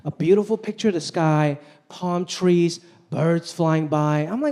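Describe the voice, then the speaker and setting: A man performing a stand-up comedy routine on stage, animated and putting on voices for the people in his stories. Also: a little high, unhurried. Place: stage before a laughing audience. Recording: live show with crowd laughter.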